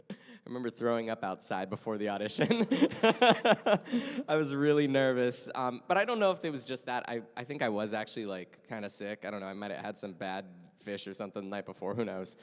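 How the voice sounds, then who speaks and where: A man's voice: on the low side, clean tone. Chatty man on an echoey panel. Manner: chatty, detailed, filler-heavy. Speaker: panelist voice actor. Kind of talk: casual convention panel talk. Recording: echoey convention hall.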